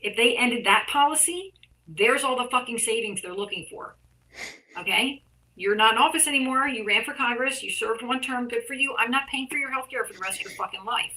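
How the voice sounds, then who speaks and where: A woman's voice: a little high, a little fast, pushed and bright, poor audio. A middle-aged woman talking in a casual interview, blunt, profane and heated as she argues her views. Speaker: artist and activist guest.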